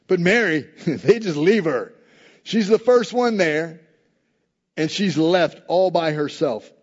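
Male pastor, animated storyteller mid-sermon, slightly high voice, dull recording in a reverberant hall. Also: normal speed. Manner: animated storytelling, acting out quoted lines with humor. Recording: echoey hall, dull lo-fi sound.

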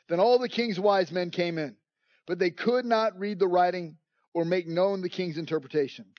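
A man's voice: high-pitched, a little mellow, no echo, muffled recording. A man preaching a sermon, telling the story dramatically and acting out the scenes. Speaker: pastor.

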